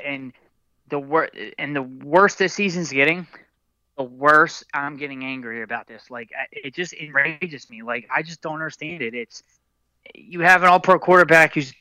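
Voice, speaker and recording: A man with a very bright, smooth and clear voice rants heatedly in a casual sports talk, stammering through restarts. The sound is dry and a bit dull. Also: a little high, no room sound. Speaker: sports podcast co-host.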